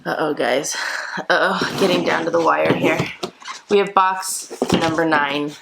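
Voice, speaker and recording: Chatty woman with a gravelly voice. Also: deep voice, unhurried, background noise. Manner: chatty, excitable, talks to viewers. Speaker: toy collector vlogger. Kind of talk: casual unboxing vlog.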